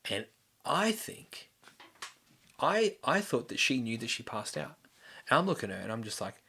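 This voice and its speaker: A man's voice: mid-range voice, very animated, unhurried, vocal fry, pauses often, bright, forceful tone, slightly rough. A young man telling a personal story in a candid, rambling way, full of fillers and restarts. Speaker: podcast host.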